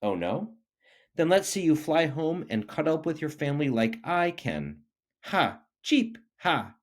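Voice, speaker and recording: A man's voice: on the high side, big pitch swings, normal speed, darkish tone, voice pushed up. A man voicing a small, cheeky bird in a storybook reading, chirpy and taunting.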